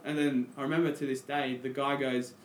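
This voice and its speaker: Animated Australian man telling a story. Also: medium pitch, fairly quick, reverberant, slight background noise. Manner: animated, acts out his own past lines. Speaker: podcast guest. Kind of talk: casual storytelling chat.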